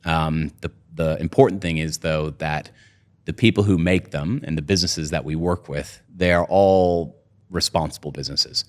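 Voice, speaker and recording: A man's voice: a bass voice, fairly even intonation, moderate pace. A man, a company co-founder, talking through a casual podcast interview with lots of "you know" and "right?". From United States.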